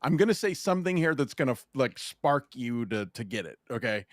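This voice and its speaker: A man's voice: mid-range voice, a little fast, dry recording. Guy on a podcast telling a story, voice jumps all over, dry close sound. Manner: animated storytelling, profane. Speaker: podcast host. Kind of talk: casual chat.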